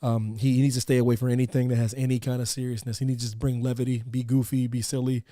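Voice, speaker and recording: A man hosting a casual podcast, animated and laughing often, repeating phrases for emphasis. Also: medium pitch, quick pace, dry recording, clean studio sound. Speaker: podcast host.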